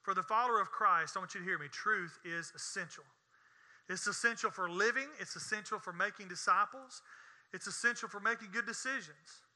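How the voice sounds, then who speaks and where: A man preaching a sermon, folksy and joking, moving between quiet asides to the congregation and loud, emphatic points. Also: sits high, fairly quick. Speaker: pastor.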